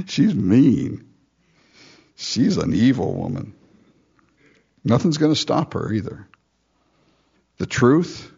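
A man preaching a sermon, retelling a Bible story in an animated way with chuckling asides. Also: on the low side, slightly rough. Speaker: pastor. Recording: dull lo-fi recording.

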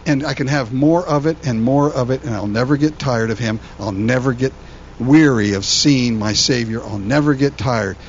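A man who is a pastor, preaching a sermon in an animated, conversational way, often repeating words as he goes. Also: mid-range voice, moderate pace, muffled recording, slight background noise.

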